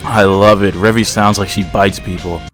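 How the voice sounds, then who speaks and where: A man's voice: lowish voice, fairly even intonation, moderate pace, a bit bright, faint music behind. Irreverent male video essayist. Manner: irreverent, joking. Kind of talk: casual scripted commentary.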